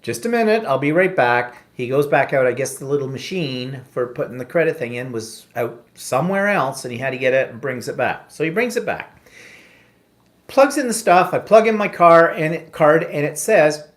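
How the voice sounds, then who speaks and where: A man's voice: fairly high pitch, normal speed. A man co-hosting a casual talk show, telling an anecdote with sarcasm and bits of mimicked voices. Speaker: podcast co-host. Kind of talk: casual storytelling.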